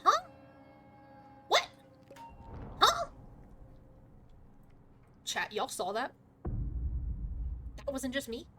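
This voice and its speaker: A woman streaming a game live, chatty and excitable, swearing often and talking to her chat. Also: sits high, very slow, long pauses, over music. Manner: excitable reactions, sudden outbursts. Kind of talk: live gaming commentary.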